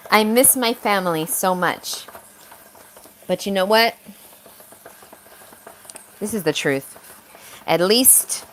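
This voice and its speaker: A woman's voice: mid-range voice, a bit bright, slight background noise. Blunt woman ranting on a livestream. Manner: blunt, heated, swears freely; reads out and answers viewer comments. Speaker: livestream host. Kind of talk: casual livestream rant.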